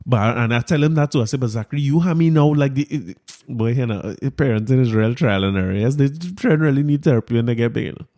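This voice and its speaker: A man's voice: mid-range voice, fast talker, hardly any pauses. Man telling a story, laughing. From Trinidad and Tobago. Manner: animated, laughs often while telling a story. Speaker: podcast host. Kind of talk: casual storytelling monologue.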